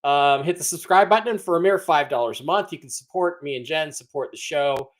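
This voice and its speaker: Chatty male livestream host, fairly high voice. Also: fairly quick. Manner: rambling, greets viewers by name, many restarts; mock-hurt teasing. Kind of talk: casual livestream chat.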